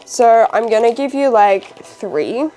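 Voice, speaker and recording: A woman's voice: fairly high pitch, expressive, slow, warm tone. A young Australian woman in casual, rambling chat as a vlogger, wrapping presents while she talks.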